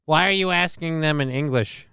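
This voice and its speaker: A man's voice: a little high, moderate pace, vocal fry, bright, forceful tone, clear, resonant tone, dry recording, studio quality. A man streaming live, rambling through casual commentary, swearing and thanking viewers in chat. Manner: rambling, crude, reads out chat names.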